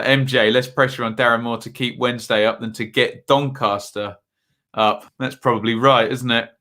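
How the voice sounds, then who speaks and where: A man's voice: mid-range voice, bright, forceful tone. A man hosting a live football watchalong stream, chatting casually and reading out viewer comments between match updates.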